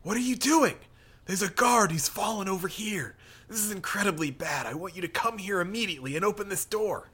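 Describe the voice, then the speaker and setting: A man reading as a hushed, scheming priest. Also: high-pitched, fairly quick, breathy edge, pitched above the performer's own voice, heavily acted. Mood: urgent. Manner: muttering under his breath, mostly hushed and whispery. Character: composed, scheming middle-aged male priest. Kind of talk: reading comic dialogue aloud.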